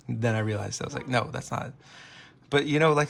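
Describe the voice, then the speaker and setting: A man's voice: medium pitch, brisk, creaky, fairly bright tone. An American man rambling through a casual vlog, joking and interrupting himself often. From United States. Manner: rambling, self-interrupting, jokey. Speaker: vlogger.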